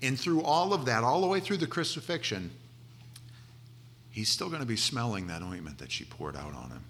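Man, preacher, conversational sermon, bright forceful tone, animated storytelling. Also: medium pitch, normal speed. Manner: conversational and animated, acting out voices of disciples.

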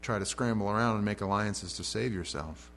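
A man's voice: on the low side, brisk, fairly bright tone. A man preaching a verse-by-verse sermon, reading scripture aloud and then paraphrasing it in casual, modern speech. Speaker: pastor. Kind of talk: expository sermon. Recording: faint mains hum.

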